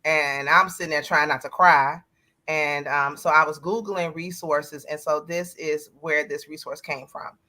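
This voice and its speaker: Middle-aged woman guest, bright, candid and reflective, talk-show panelist telling a personal story. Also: deep voice, fairly even intonation, measured pace.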